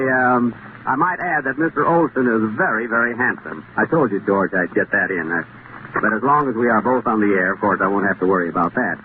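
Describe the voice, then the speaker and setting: A man hosting a 1930s radio comedy show, trading dry, self-mocking wisecracks with hesitant fillers. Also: lowish voice. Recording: tinny, noisy 1930s radio broadcast.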